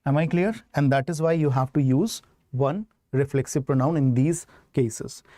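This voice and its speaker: A man's voice: mid-range voice, moderate pace, warm tone, no room sound, clean studio sound. A man with an Indian English accent, teaching English grammar in an online exam-prep lesson, explaining step by step and checking that students follow.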